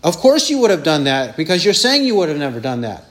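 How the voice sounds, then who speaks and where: A man's voice: a little high, sing-song, fast. A man preaching a sermon with emphasis, repeating phrases and mimicking taunting voices.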